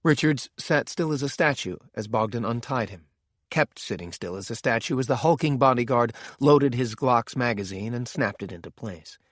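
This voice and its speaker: A man reading a thriller audiobook in a steady, measured narration. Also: mid-range voice, no room sound, clean studio sound.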